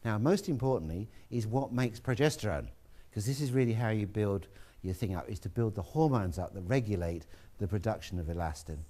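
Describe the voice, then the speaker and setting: A man giving a relaxed, chatty classroom lecture, with asides to students. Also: lowish voice, fairly quick, few pauses.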